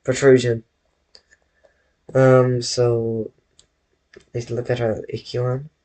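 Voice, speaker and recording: A man talks his viewers through a drawing on a live stream, in an unhurried, rambling way with frequent self-corrections. His pitch sits in a middle register, and he speaks from his bedroom into a desk mic. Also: steady tone, a little mellow. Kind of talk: casual live-stream chat while drawing.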